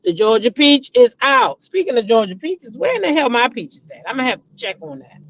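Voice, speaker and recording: Animated gossiping woman, dull lo-fi sound. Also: on the high side, fairly quick, vocal fry. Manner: animated, repeats names, exclaims dramatically. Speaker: host. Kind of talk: casual gossip chat. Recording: dull lo-fi recording.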